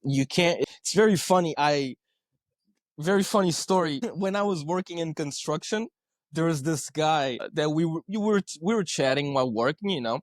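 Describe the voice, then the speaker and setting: A man's voice: on the high side, animated, moderate pace, no echo, studio quality. A male podcast guest telling stories in a conversational way, earnest, often checking in with "right?" and repeating his words. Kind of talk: conversational storytelling.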